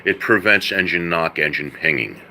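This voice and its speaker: A middle-aged man with a very low but bright, forceful voice explains engine trouble to his viewers. He talks in a folksy, unscripted live-stream way and peppers his talk with "all right" and "uh." He calls the audience folks and buddy. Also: animated, normal speed, gravelly, a little hiss or hum. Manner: explains mechanics plainly. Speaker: host answering viewers' car questions.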